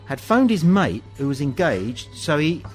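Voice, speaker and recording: An English man hosts a relaxed pub chat, reeling off anecdotes and playing every part in them. His voice sits a little high and swings widely as he talks. Faint music plays underneath. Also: a little slow, poor audio. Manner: animated anecdotes, acts out dialogue. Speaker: host.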